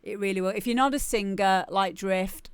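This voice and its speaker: A woman's voice: medium pitch, normal speed, clean tone, dry recording. A woman talking casually on a live stream, chatty and repeating herself as she gives feedback on music. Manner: chatty, restarts and repeats words often.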